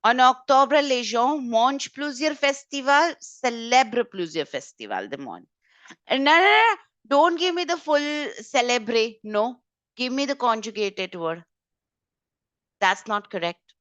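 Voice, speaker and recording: A woman teaching French vocabulary in an online exam-prep class, brisk and corrective, often repeating key points. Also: on the high side, big pitch swings, a bit bright, dry recording. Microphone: video call.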